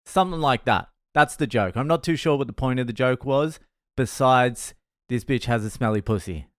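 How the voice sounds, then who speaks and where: A man's voice: mid-range voice, normal speed, dry recording, clean studio sound. A man with an Australian accent, a comedian telling a crude, laid-back story. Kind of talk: storytelling podcast.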